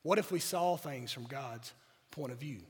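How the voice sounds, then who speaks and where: A man from South Georgia with a Southern accent, preaching a sermon while hoarse from a cold, mixing wry jokes to the congregation into his points. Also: medium pitch, moderate pace. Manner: wry, joking asides to the congregation. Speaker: pastor. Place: church sanctuary. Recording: church hall reverb.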